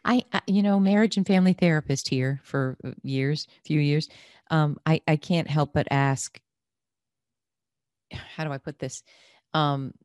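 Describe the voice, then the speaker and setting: A woman hosting an interview podcast, a therapist by training, who asks gentle, searching questions and reacts with soft sympathy. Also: sits low, no echo, clean studio sound. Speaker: podcast host and marriage and family therapist. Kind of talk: interview conversation.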